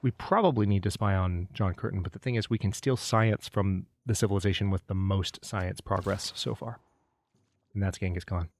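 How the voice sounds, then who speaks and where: A man's voice: low voice, normal speed, darkish tone. A man casually commentating his own strategy game, thinking aloud and talking to the units on screen. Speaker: let's play host.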